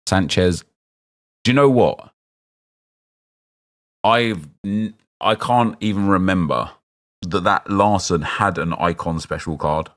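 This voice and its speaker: A young man's voice sits low as he casually streams a football game. He rambles on, reacting to picks and answering messages from his viewers' chat.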